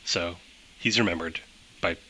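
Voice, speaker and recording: A man's voice: low voice, measured pace, sharp tone, slight background noise, poor audio. A man narrating as game master of a tabletop game, chatty, laughing often and using many fillers.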